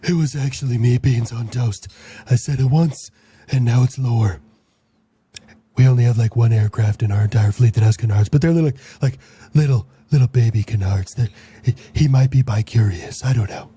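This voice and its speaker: A man in a comedy sketch tossing in deadpan asides. His voice is very dark and husky, and he sounds distant from the mic. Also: mid-range voice, normal speed.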